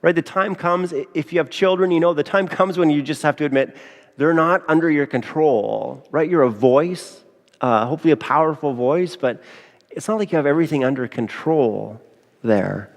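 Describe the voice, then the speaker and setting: Conversational pastor preaching in reverberant church. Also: male voice, on the high side, normal speed. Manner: conversational preaching with rhetorical asides. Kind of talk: sermon. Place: church sanctuary.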